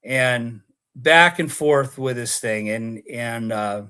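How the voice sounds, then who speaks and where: A man's voice: mid-range voice, slow, sharp tone, clear, resonant tone. A man from Oregon, a podcast guest, telling a long rambling story and acting out the dialogue as he goes. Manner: rambling, acts out quoted dialogue. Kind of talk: casual storytelling.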